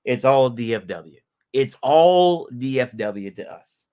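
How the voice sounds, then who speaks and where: A man's voice: medium pitch, expressive, slow, darkish tone. A middle-aged man from North Texas talks on his own livestream in a loose, rambling way. He cusses freely and keeps repeating himself between asides. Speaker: livestream host. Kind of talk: casual livestream rant.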